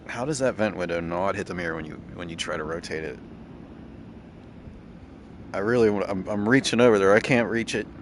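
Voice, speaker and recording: A man's voice: low-pitched, brisk, long pauses, noisy background. A man casually thinking aloud and rambling while playing a driving game. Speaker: gaming channel host. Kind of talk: casual gameplay commentary.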